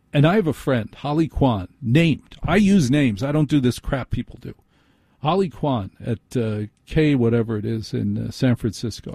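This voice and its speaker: Ranting talk radio host, dark husky voice. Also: male voice, medium pitch, expressive, moderate pace, dry recording. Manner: sarcastic, ranting, scoffing. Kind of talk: opinionated talk radio monologue.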